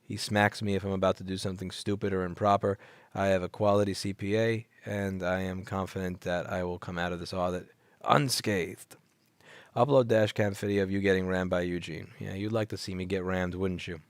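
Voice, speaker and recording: A man with a lowish voice hosts a late-night livestream, reading chat and firing back blunt, sarcastic answers. He sounds sleepy and yawns often, and he repeats lines for emphasis. His headset mic gives a dry, close sound with no room echo. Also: fairly even intonation, brisk. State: sleepy, yawning. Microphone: headset microphone.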